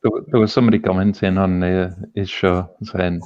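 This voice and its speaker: A man's voice: low-pitched, steady tone, a little fast, few pauses, a little mellow. A man in casual chat on a podcast, joking and laughing often. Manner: laughs often, tries playful accent impressions. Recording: dull lo-fi audio.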